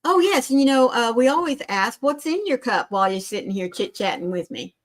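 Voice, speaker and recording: An older woman with a somewhat high voice hosts a relaxed crochet livestream from home. She chats along, greets viewers one by one, and gushes with animated exclamations. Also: a little fast. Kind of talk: casual livestream chat.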